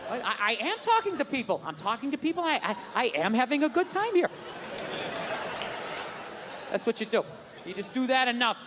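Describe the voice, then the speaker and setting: A man delivering a stand-up routine in a very high, strained voice, ranting and cursing. Audience laughter rolls over a noisy live recording. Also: big pitch swings, fairly quick, long pauses. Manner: ranting, profane, shouting. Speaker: stand-up comedian. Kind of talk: stand-up comedy set. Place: live comedy venue stage. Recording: live stage mic with crowd noise.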